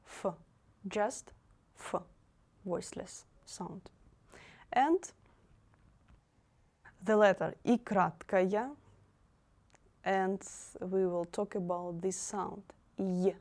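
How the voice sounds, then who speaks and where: A woman's voice: medium pitch, vocal fry, a little mellow. A woman with a Russian accent teaching pronunciation, repeating each sound and syllable carefully for beginners. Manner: drills sounds slowly, repeating each one. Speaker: language teacher. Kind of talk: slow pronunciation lesson.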